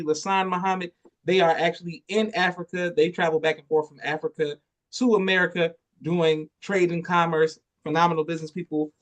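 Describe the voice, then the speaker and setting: A man hosting a podcast in casual interview chat, relaxed and loose with his phrasing. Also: fairly high pitch. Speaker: podcast host.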